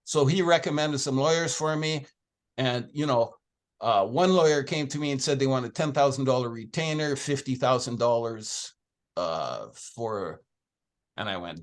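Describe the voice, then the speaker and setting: A man's voice: medium pitch, animated, normal speed. A man answering in an interview, telling his story in a chatty, anecdotal way and acting out the conversations he had. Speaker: founder of an organization, interview guest.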